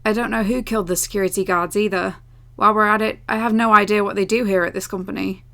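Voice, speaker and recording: A guilt-ridden young man who wants to die , read by a woman. He speaks quietly and evasively, resigned, with a bright, firm tone. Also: mid-range voice, steady tone, quick pace, vocal fry.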